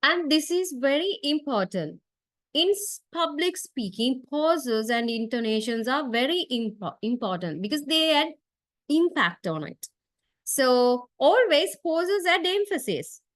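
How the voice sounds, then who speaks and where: A woman teaches a university class in a fairly high voice, recorded dry with no room echo. She explains point by point, fills pauses with uh, and checks in with a questioning "right?". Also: a bit bright. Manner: frequent uh fillers and tag question right?; explanatory, step by step. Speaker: university lecturer. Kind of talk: classroom lecture.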